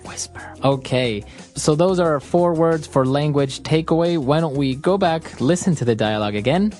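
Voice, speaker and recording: A man co-hosting an English lesson podcast, prompting and explaining word use in a quick friendly way. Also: fairly high pitch, darkish tone, soft background music. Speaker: co-host. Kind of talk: teaching English phrases.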